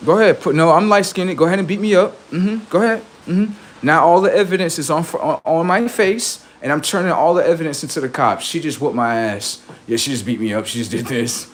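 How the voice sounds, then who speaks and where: A man's voice: on the high side, a little fast, hardly any pauses. A man on a livestream, talking in a rambling, profane, boastful monologue, often laughing and acting out quoted voices. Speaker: livestream host.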